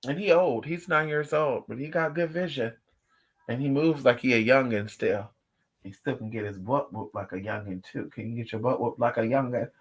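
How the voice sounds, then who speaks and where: A man vlogging in casual livestream chat, telling stories to his viewers in an animated, profane way with playful asides. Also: medium pitch, moderate pace, breathy edge.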